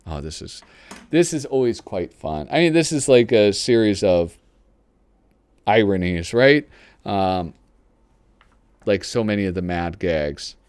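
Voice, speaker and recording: Low-voiced man, lively rambling host. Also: unhurried, long pauses, clean tone, no room sound. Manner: rambling and self-deprecating, reads lines aloud. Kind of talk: casual commentary while paging through a magazine.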